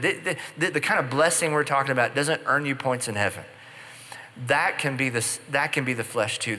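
Bright-voiced preacher in a reverberant hall. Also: male voice, mid-range voice. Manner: conversational storytelling with playful asides. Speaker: pastor. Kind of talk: sermon.

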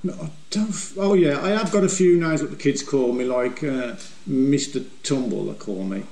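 A man's voice: mid-range voice, normal speed, vocal fry, dark tone. Older West Midlands man, roomy echo. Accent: West Midlands English. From West Midlands, England. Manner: jokey, rambling banter. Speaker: interviewee, motovlog group member. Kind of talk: casual chat.

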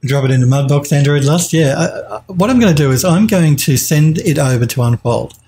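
Mellow, husky man thinking aloud. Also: fairly high pitch, expressive, fairly quick. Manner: thinking aloud, hesitant, self-correcting. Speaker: 3D modelling streamer. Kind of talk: live tutorial commentary, reading chat.

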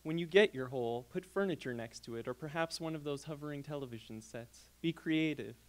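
A young adult man reading his short story aloud at a graduate reading, delivered as a persuasive second-person sales pitch. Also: brisk, low-quality recording.

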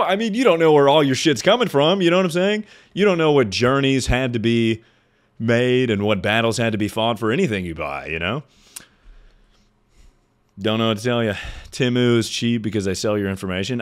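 A man with a deep voice chatting casually with his livestream viewers, making sarcastic jokes and sounding like he is announcing things. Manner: sarcastic, joking asides.

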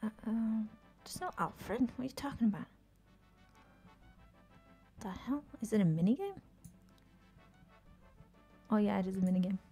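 A woman's voice: medium pitch, animated, moderate pace, long pauses, mellow, breathy edge, soft background music. A woman chatting casually while streaming a game, swearing freely, talking to game characters and often dropping to a whisper. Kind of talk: casual live-stream chat while gaming.

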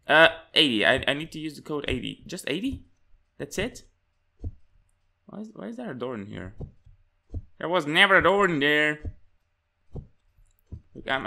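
A young man hosting a horror game let's play, reading notes aloud and yelping and swearing when startled. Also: a little high. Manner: jumpy and excitable, yelps and swears when startled. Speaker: gaming channel host.

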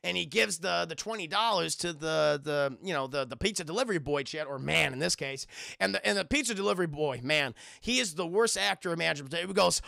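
A man's voice: sits high, lively intonation, brisk, gravelly, sharp tone, dry recording, clean studio sound. A man streaming a casual, rambling review of a TV show, swearing often and talking to his chat. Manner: rambling and profane, addresses chat. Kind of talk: casual live-stream commentary.

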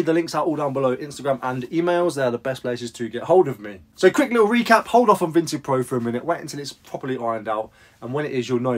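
A man with a British accent chatting casually in a vlog about reselling, jokey and lively. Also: medium pitch. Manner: chatty, jokey, lively bursts of sing-song. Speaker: reseller vlogger.

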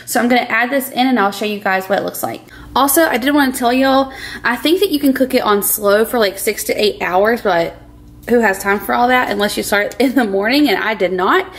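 Her voice is a little high and she talks a little fast as she chats with her viewers, calling them "y'all." The young woman is cooking in her home kitchen for a casual cooking vlog.

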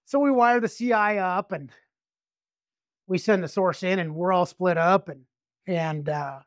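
A man's voice: sits high, unhurried, no echo, clean studio sound. A man detective telling a story casually, rambling, restarting often and swearing freely. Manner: rambling, with frequent restarts and profanity.

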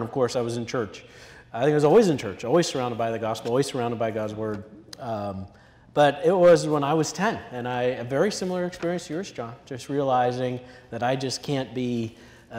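A man moderating a conference panel, talking in a jokey, teasing, conversational way. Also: medium pitch. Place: large conference hall. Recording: echoey hall, faint noise.

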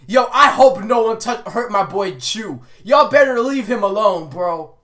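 A woman hosting a casual anime reaction video, excitable and slangy, talking back at the screen with frequent exclamations and laughter. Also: mid-range voice, unhurried. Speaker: reaction channel host.

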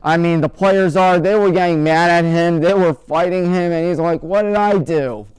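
A man's voice: on the high side, normal speed, darkish tone, smooth. A male sports talk show host rattling off his weekly game picks in a joking, opinionated way, with mocking nicknames for teams.

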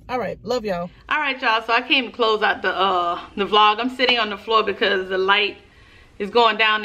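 A woman vlogging casually to camera, talking in a chatty, slangy, animated way while sitting on the floor in a dim room at home. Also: mid-range voice.

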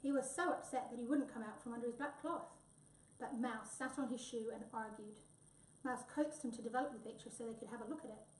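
A woman reads a children's storybook aloud, lively and expressive. Her voice is somewhat high. She sounds distant, in a roomy, echoing space. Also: fairly quick, a little hiss or hum. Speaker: reader. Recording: echoey room, voice from far off.

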